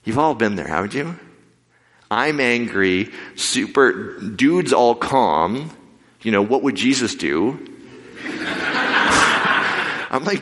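A man preaching a sermon with lively storytelling, acting out the voices of the people in his stories. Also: medium pitch, takes it slowly, pauses often. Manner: animated, acts out quoted voices. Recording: long hall reverb.

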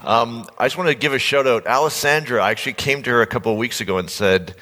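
A man giving a conversational sermon as a pastor, telling a playful story with sudden loud bursts on a stage mic. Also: medium pitch, quick pace. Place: large church hall. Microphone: handheld stage mic. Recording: long hall reverb.

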